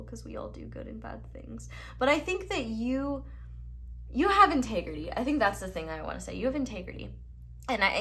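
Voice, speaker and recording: A young woman giving a casual, encouraging tarot reading straight to her viewers, talking warmly and loosely with plenty of "like" and "um". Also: medium pitch. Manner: chatty, encouraging, lots of fillers like "like" and "um". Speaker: tarot reader.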